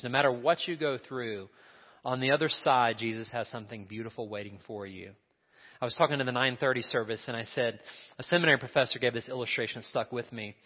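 A male pastor preaching a sermon in a church, earnest, repeating key phrases and dropping to a soft hush. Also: mid-range voice. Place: church sanctuary. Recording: dull sound in a long-echo hall.

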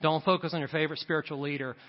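A middle-aged male pastor preaches with a slightly raised voice, pushing his points with rising emphasis and quick asides to the crowd. The sound is a little dull, and each line rings out with long reverb from a large church hall. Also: a little high, fairly even intonation. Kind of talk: sermon.

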